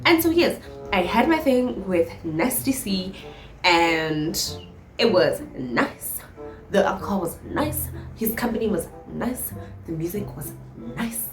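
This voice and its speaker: A young South African woman vlogging a storytime in an animated, dramatic way, with plenty of swearing. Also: mid-range voice, takes it slowly, roomy sound, soft background music. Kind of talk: storytime vlog.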